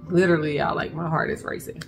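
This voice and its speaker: A woman recounting a frightening personal experience to her viewers, speaking in halting bursts and addressing them directly. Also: sits low, a bit bright. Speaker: vlogger telling a personal story. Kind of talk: emotional personal storytelling.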